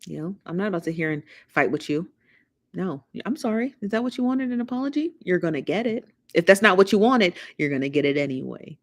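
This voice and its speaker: A woman's voice: on the low side, animated, quick pace. Sassy gossiping woman livestreaming. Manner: sassy and gossipy, calls viewers honey and child. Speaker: livestream host. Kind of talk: casual livestream chat, reading comments aloud.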